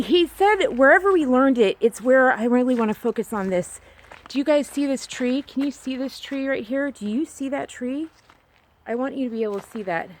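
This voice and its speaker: A woman vlogging outdoors on a walk, talking earnestly and rambling with many restarts. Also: a little high. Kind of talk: candid personal monologue.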